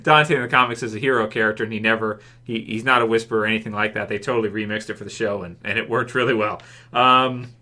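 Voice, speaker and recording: Man, bright forceful voice, casual episode review, rambling, many fillers, chuckles. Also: lowish voice, steady tone, fast. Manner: rambling, heavy on fillers and restarts; chuckles often while talking. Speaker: TV show reviewer.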